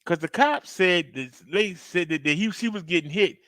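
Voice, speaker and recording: With a high, fairly bright voice at normal speed in a dry recording, a man hosts a reaction video. He talks to viewers directly in a casual, conversational and emphatic manner, acting out outbursts throughout his story.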